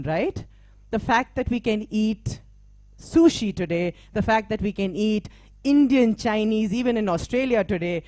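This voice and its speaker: A woman's voice: medium pitch, darkish tone, dry recording. A middle-aged woman, a mental health practitioner and diversity trainer, giving a motivational stage talk in a conversational way. She often asks "right?" and "okay?" to check in with her listeners. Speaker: speaker at a live talk event.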